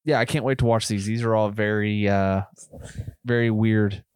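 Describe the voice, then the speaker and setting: A man with a Southern US country accent chats loosely about films on his podcast, tossing in "bro" and "man". His voice sits somewhat low. The sound is dry and close. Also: steady tone, normal speed, darkish tone, clean tone, no echo. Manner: laid-back, rambling, says bro and man. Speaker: podcast co-host. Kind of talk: casual chat.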